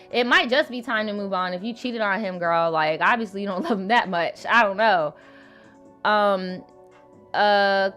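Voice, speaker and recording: A woman's voice: medium pitch, a bit bright. A woman hosting a live show, chatting casually and bluntly with her audience, swearing and laughing often as she reads viewer stories and comments. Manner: blunt and profane, laughs often, talks straight to the chat. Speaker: livestream host reading viewer stories.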